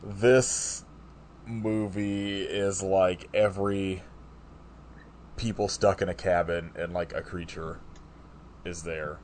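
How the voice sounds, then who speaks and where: A man's voice: low-pitched, steady tone, slow, long pauses, darkish tone, a little hiss or hum. A man co-hosting a podcast, chatting casually about a movie in a rambling way, full of "like" fillers and restarts. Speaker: podcast co-host. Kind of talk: casual chat reviewing a movie.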